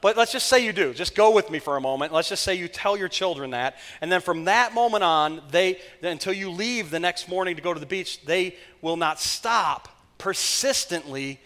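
A man's voice: high voice, animated, normal speed, few pauses, a bit bright, long reverb tail. A man preaching a sermon as pastor, conversational and emphatic, often repeating his phrases. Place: church sanctuary.

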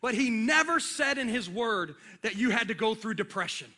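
A male pastor preaching on a church stage, with a very high pitch. His voice is bright and forceful, and he talks with animation and acts out little scenes. He speaks into a stage microphone. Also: lively intonation, normal speed. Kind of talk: sermon. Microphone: handheld or stage microphone.

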